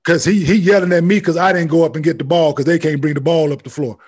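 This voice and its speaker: A man's voice: on the high side, fairly even intonation, fast talker, darkish tone, husky. Blunt, profane podcast host, a man. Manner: blunt, profane, streetwise slang. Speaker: podcast co-host, former basketball player. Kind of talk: casual chat.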